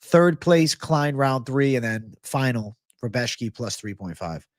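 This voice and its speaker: A man's voice: mid-range voice, lively intonation, a little slow, no echo. A man hosts a live betting stream from a small room, talking casually and with plenty of hype. He swears freely and reacts aloud to his chat. His mid-range voice sounds dry and close to the mic. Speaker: livestream host giving betting picks.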